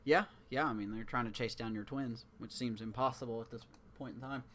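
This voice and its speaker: A man's voice: medium pitch, steady tone, a little fast, a bit bright, a little hiss or hum. A man co-hosting a sports podcast in loose, rambling, jokey casual chat. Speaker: podcast co-host.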